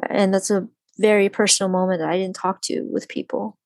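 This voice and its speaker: A woman tells a personal story in an animated, conversational way, peppering it with "like" and acting out quotes. Her voice sits in a middle range. The recording is dry and close, with almost no room sound. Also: medium pitch, fairly quick, no echo. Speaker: guest.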